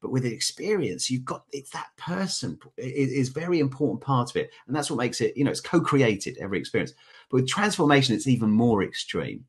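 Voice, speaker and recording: A man talking as a podcast guest, telling lively stories and laughing often in a loose, conversational way. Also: mid-range voice, quick pace, slightly rough. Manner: animated storyteller, laughs often. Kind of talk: conversational interview.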